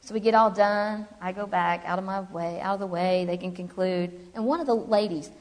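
Woman, humorous testimony speaker, mid pitch, reverberant hall. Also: brisk. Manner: chatty, humorous, animated storytelling. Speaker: speaker telling her story. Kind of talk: personal testimony to a live audience.

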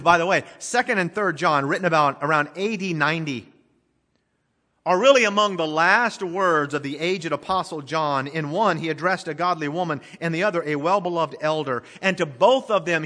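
A man preaching a sermon as pastor, emphatic, swelling loud then dropping to a hush. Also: on the high side, lively intonation, normal speed, in a large hall.

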